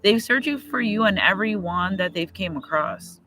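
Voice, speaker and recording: A man's voice: high voice, animated, normal speed, sharp tone, slight background noise, poor audio. A man doing a casual livestream tarot reading outdoors. He is chatty and repetitive, and he gets emotional as he talks. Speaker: tarot reader. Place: outdoors near trees and a road.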